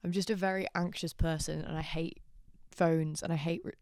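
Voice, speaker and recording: A woman's voice: deep voice, steady tone, moderate pace, darkish tone. A young woman hosting a podcast, telling a story in a candid, rambling, self-deprecating way. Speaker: podcast host. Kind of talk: casual storytelling chat.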